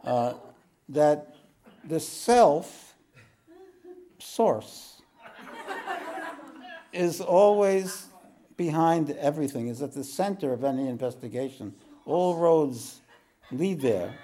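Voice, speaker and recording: A male spiritual teacher speaks slowly to a group in a room. His voice is dark and mellow, and his pace is unhurried. He clears his throat often and wanders into jokes along the way. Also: fairly high pitch, lively intonation, some chatter behind. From East Coast of the United States. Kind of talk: relaxed spoken teaching to a group.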